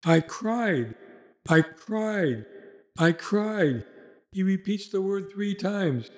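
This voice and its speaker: Earnest man delivering a sermon. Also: on the high side. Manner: earnest, exhorting. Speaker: preacher. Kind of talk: read-aloud sermon.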